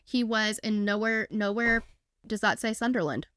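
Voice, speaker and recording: A woman's voice: medium pitch, normal speed, a bit bright. A woman co-hosting a true crime podcast, narrating the case casually with dry, sarcastic quips. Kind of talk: casual conversational storytelling.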